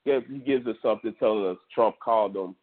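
Low-voiced Texan man on tinny audio. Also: quick pace. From Texas, US. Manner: loose, profane sports storytelling. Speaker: podcast host. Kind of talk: casual monologue.

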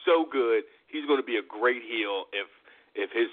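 Man, casual wrestling talk, rambling, excited, phone-line sound. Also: mid-range voice, normal speed. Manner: excited, rambling, many restarts and mock quotes. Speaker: podcast co-host.

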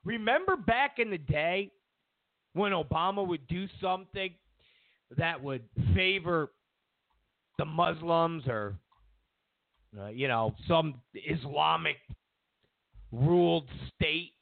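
A man's voice: on the high side, lively intonation, takes it slowly, gravelly, long pauses, dry recording. A man hosting a political talk show, giving sarcastic, opinionated commentary and repeating his points for emphasis. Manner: sarcastic, mocks media with exaggerated quotes. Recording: tinny phone-like, dry sound.

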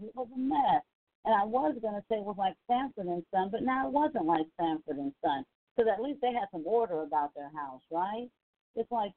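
A woman giving casual commentary in a sassy, mocking way. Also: mid-range voice. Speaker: commentary vlogger. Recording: tinny phone-like sound.

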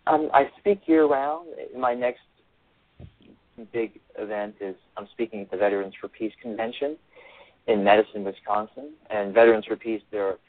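A man with a fairly low voice speaks at a normal pace with no room sound. He's an author appearing as a guest on a radio interview by phone, earnestly explaining and repeating his phrases, and the line sounds tinny.

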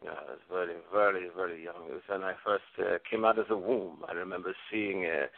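A man's voice: deep voice, a little fast, gravelly. A man putting on a boastful male love expert with a Venezuelan accent, who brags about himself by name, heard over a tinny phone line. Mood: smug boasting. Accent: Venezuelan Spanish. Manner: self-adoring, speaks of himself by name.

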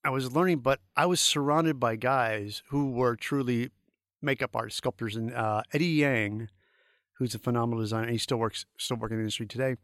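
A middle-aged man from St. Louis tells animated, rambling stories as a podcast guest, with lots of uh's and restarts. His voice sits at an ordinary pitch and sounds close and dry. His tone is easygoing. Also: a little fast, no echo. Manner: animated, rambling anecdotes with many fillers. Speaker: guest, creature effects artist. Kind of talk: casual storytelling interview.

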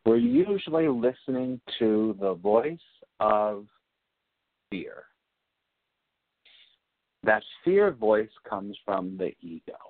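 A man giving a reflective spiritual teaching talk, speaking deliberately and repeating phrases for emphasis. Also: lowish voice, sing-song, no echo. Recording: narrow phone-like sound, dry.

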